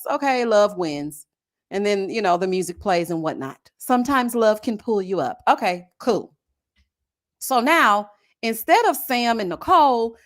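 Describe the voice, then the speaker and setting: A woman hosting a casual live stream, talking about a dating show in a sassy, animated way with frequent laughing asides. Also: fairly high pitch. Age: adult with a child. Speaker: YouTube host reviewing a reality dating show.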